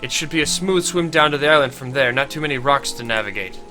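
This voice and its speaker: A man's voice: mid-range voice, fast talker, bright, forceful tone, soft background music, close to an everyday voice. A man with a stuffy cold reading aloud as a stern female water wizard in a game. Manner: stern, threatening.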